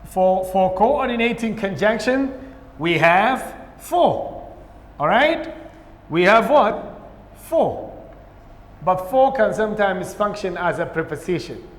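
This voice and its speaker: A male English teacher with a Somali accent teaches a grammar lesson, posing questions and then answering them himself. His voice is high and animated, yet slow with long pauses. The room is echoey with long reverb.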